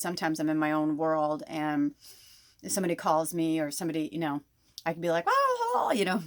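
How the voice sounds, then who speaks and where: A chatty woman in her thirties rambles through a casual spiritual talk, swearing freely and laughing often. Her voice sits low, and the recording is dry and close, with no room sound. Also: fairly bright tone, dry recording. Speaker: podcast host.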